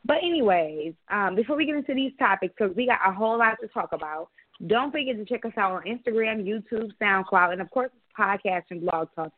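A woman's voice: medium pitch, expressive, fairly quick, no echo. A woman co-hosting a podcast, telling a story in candid casual chat and swearing freely. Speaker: podcast co-host. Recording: dry tinny phone-like audio.

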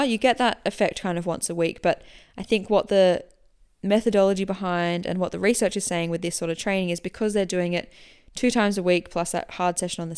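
A woman hosting a podcast, answering listener questions in a relaxed, chatty way that explains as she goes. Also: on the low side, smooth. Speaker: running coach and podcast host.

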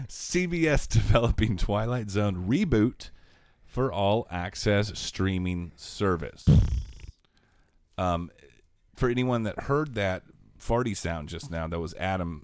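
A man with a deep, low voice co-hosts a podcast, reading out headlines and ribbing his partner in a wry tone. The recording is close and dry. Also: a little slow, no room sound. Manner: teasing, wry. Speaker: podcast co-host. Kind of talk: casual chat, reading news headlines.

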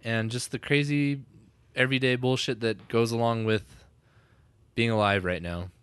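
A man's voice: mid-range voice, fairly even intonation, normal speed, fairly bright tone, clean tone, no echo. A man co-hosting a podcast with his wife, chatting casually, joking and swearing freely. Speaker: podcast co-host. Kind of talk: casual chat.

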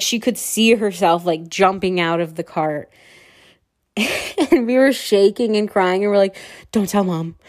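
A woman's voice: fairly low pitch, darkish tone. A young woman telling childhood stories in a casual monologue, chatty and self-mocking, laughing often and swearing freely. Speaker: podcast host.

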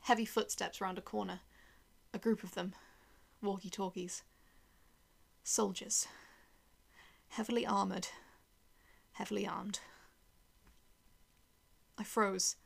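A woman's voice: mid-range voice, steady tone, slow, creaky, long pauses, husky. A woman narrating a first-person horror story in a tense, dramatic way, sometimes dropping to a whisper.

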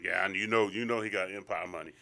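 A man's voice: deep voice, fairly even intonation, quick pace, vocal fry, sharp tone. A man guest in a casual chat, laid-back and giving short agreeing replies.

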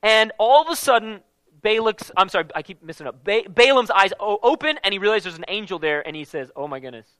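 A man preaching a casual Bible-teaching sermon in an animated, conversational way, with slang mixed in. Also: sits high, a little fast, no echo.

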